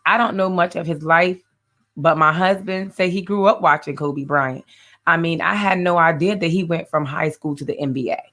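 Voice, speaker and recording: A woman's voice: fairly low pitch, fairly bright tone. A woman hosting a faith-based talk show, talking earnestly and directly to her viewers and often repeating her phrases.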